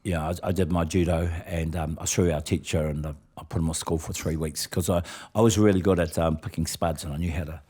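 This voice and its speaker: Kiwi guy, really deep voice, guest on a chat, rambly storyteller, keeps restarting. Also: fairly even intonation, quick pace, few pauses, dark tone, slightly rough. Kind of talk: casual interview storytelling.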